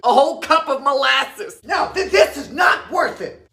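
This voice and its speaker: Young male baking host, lively bright voice, deadpan punchlines with loud bursts. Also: extremely high pitch, moderate pace, gravelly, a little hiss or hum. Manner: deadpan jokes with sudden loud outbursts. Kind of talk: comedic cooking narration. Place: home kitchen.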